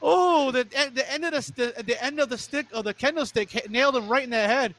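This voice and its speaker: A young man doing excited play-by-play wrestling commentary, often restarting mid-sentence. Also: very high-pitched. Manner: rapid, stumbling restarts, plugs sponsors.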